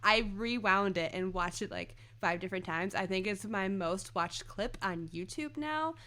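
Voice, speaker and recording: A woman's voice: medium pitch, moderate pace, fairly bright tone. A young woman co-hosting a podcast, chatting casually and laughing as she quotes favorite lines. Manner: giggly, quotes lines in character voices. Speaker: podcast co-host. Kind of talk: casual fan chat.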